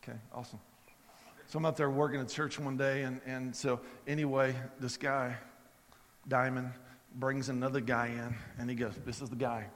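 A male pastor preaching in a relaxed, chatty way and stumbling over repeated words at the start of sentences. His voice sits at an ordinary middle pitch. A long reverb trails after every phrase, as in a large hall. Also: moderate pace. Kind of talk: sermon with storytelling.

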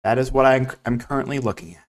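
A man's voice: level tone, quick pace. Man, podcast host, sarcastic, exasperated, keeps asking "right?", casual solo commentary. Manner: sudden swings between low mutters and loud outbursts. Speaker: fantasy sports podcast host. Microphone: camera facing speaker.

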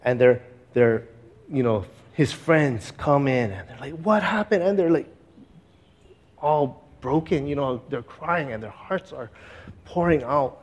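A man speaks as a pastor, sharing a personal story in a sermon. His delivery is earnest and conversational, full of fillers and restarts, and he grows quiet and slow at the heavy moments. His voice sits at a middling pitch.

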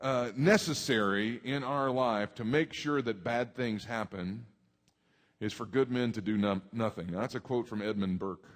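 A man's voice: mid-range voice, moderate pace. Emphatic preacher in his forties. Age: 40s. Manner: emphatic preacher, swings between hushed and loud. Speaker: pastor. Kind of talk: sermon. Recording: long hall reverb.

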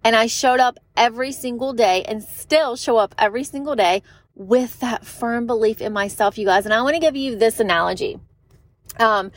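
Young woman, motivational business talk, chatty, emphatic, slightly high voice, dry close sound. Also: no room sound. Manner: chatty and emphatic, laughs often, acts out quotes. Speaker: online business coach.

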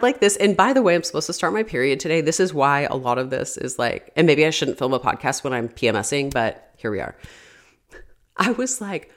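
A woman's voice: on the low side, very animated, fast talker. A woman in her thirties hosting a podcast, telling a story casually, peppered with "like" fillers and swearing. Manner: chatty, constant "like" fillers, frequent swearing. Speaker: podcast host.

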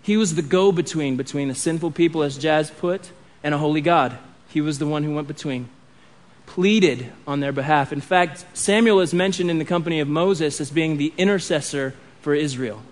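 A man's voice: on the high side, normal speed. A man in his thirties preaching a sermon in a conversational way, with restarts and asides. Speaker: pastor.

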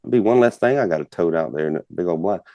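Low-voiced folksy man telling a hunting story. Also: lively intonation, rapid-fire, dry recording, lo-fi sound. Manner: folksy, rambling, many fillers. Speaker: guest hunter. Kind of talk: casual storytelling.

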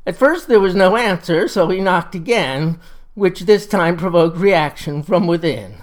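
A storyteller spinning a folksy yarn with a wry, unhurried touch. The telling is relaxed and knowing, and it savors each odd detail. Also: mid-range voice.

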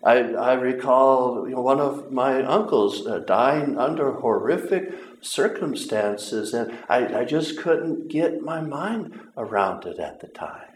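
A man preaching a sermon, earnest and halting, with repeated words and long pauses. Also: medium pitch, lively intonation. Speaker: pastor. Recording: roomy echo.

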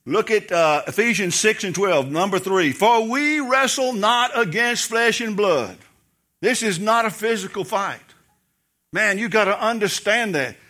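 A man's voice: high voice, lively intonation, measured pace, sharp tone. A man preaching a sermon as pastor, telling stories and acting out voices in the quotes. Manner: storytelling preacher, acts out quotes, laughs.

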